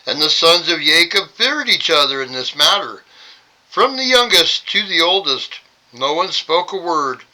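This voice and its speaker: A man hosts a Bible study and reads scripture aloud in a very bright, sharp voice. He sits a little high in pitch and breaks the reading with dry, sarcastic side comments. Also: rough recording. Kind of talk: scripture reading with wry asides.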